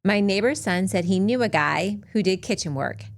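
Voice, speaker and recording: A woman's voice: medium pitch, animated, moderate pace. A woman co-hosting a podcast, reading a listener's story aloud with dry asides in casual chat. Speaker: podcast co-host.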